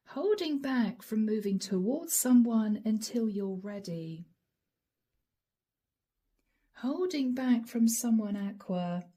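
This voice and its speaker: A hoarse woman giving a channeled tarot reading, musing aloud and speaking straight to viewers by star-sign nickname. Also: fairly high pitch, mellow. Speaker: tarot reader.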